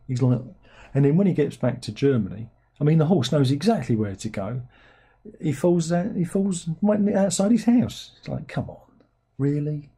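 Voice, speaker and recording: Sardonic rambling man, mellow husky voice. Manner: rambling, sardonic, with incredulous high-pitched outbursts. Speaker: livestream host reading chat. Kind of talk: casual chat.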